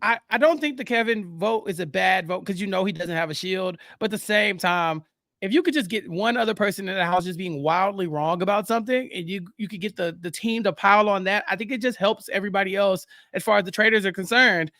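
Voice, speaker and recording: Bright, high-voiced man chatting dryly. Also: fast, no room sound, studio quality. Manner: joking, self-deprecating. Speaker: podcast guest. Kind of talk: casual recap chat.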